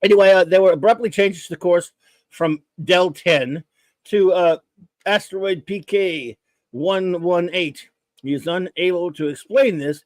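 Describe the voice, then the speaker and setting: A man's voice: fairly high pitch, darkish tone, no room sound. A man hosting a casual chat, rambling and self-deprecating with lots of restarts. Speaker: host.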